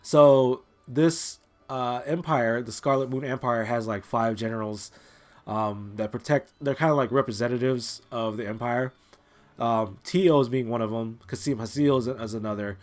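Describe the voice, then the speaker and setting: A man's voice: mid-range voice, normal speed, darkish tone, soft background music. A man hosting a let's play, giving casual, rambling commentary full of fillers as he plays a game. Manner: rambling, full of "like" and "you know".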